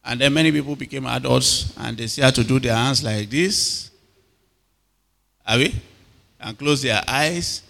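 Brief: Nigerian male pastor, bright forceful voice, engaging congregation with frequent questions, long hall reverb. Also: mid-range voice, unhurried, creaky, pauses often. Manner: call-and-response questions to the congregation. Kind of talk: sermon.

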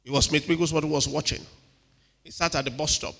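A man preaching a sermon with animated delivery, acting out quotes and checking in with the congregation. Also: a little high, quick pace. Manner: animated, dramatic, acts out quotes, asks the crowd "are you with me". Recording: reverberant hall.

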